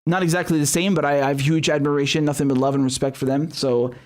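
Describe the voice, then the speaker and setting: A man's voice: on the high side, fairly even intonation, quick pace. Blunt, foul-mouthed male stream host. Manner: blunt, heavy swearing, many restarts. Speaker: show host. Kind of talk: live-stream commentary and reading viewer chats.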